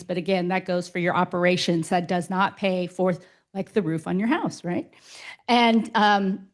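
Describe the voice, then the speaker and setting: A woman giving a slide presentation to a neighborhood meeting, upbeat and explaining with everyday comparisons. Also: mid-range voice. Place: meeting room.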